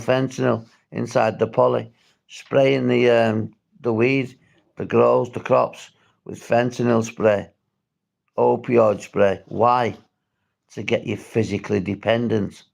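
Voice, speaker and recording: On a livestream, a recovery vlogger from St Helens, England, speaks bluntly to viewers about drug recovery in a Merseyside accent. His medium-pitched, darkish voice is gravelly and husky. He swears often and keeps restarting his sentences.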